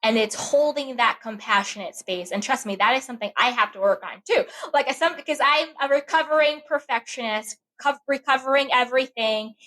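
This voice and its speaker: A woman's voice: high voice, brisk, few pauses, low-quality recording. A woman guest on a podcast, talking casually and acting out the voices in her head as she tells a story. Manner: animated, acts out her own inner voice.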